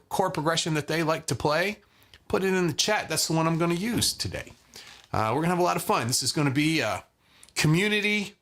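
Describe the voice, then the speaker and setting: A man's voice: medium pitch, pushed and bright. A man hosting a live guitar lesson in a casual, chatty way, greeting viewers by name and using lots of fillers. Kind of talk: casual live-stream teaching.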